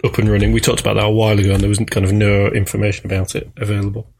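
A man's voice: fairly low pitch, completely flat delivery, racing, vocal fry, darkish tone, slight background noise. A man co-hosting a podcast, chatting casually and enthusiastically, often saying "kind of". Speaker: podcast co-host. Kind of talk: casual chat.

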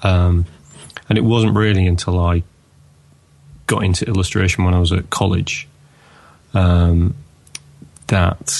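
A man with a deep voice that crackles into fry, a little husky, chatting on a podcast. He talks loosely and hesitantly, with filler words and restarts as he feels his way through each thought. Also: a little mellow. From England. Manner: hesitant, lots of ums and you-knows. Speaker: podcast co-host. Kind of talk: casual chat.

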